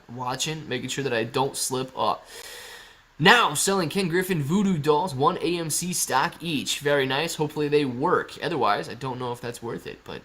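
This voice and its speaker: A man's voice: mid-range voice, fairly bright tone. A man hosting a casual livestream, chatting and answering viewer comments in a loose, rambling way. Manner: chatty, restarts sentences, calls viewers guys and bro. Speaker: livestream host.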